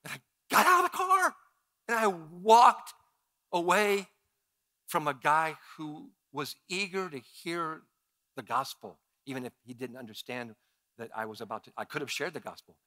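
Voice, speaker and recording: A man preaches from a church pulpit, his voice sitting a little high and sounding bright and forceful. He tells personal stories, dropping low and quiet and then rising sharply as he acts out his younger self. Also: normal speed. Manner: storytelling, animated, acts out his own past voice. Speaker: pastor. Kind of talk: sermon. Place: church sanctuary.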